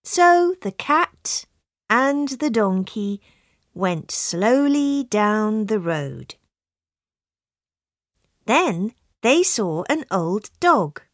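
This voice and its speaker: A woman narrating a simple storybook for learners, reading very slowly and clearly with an expressive voice, close to a studio mic. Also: a little high, dry recording.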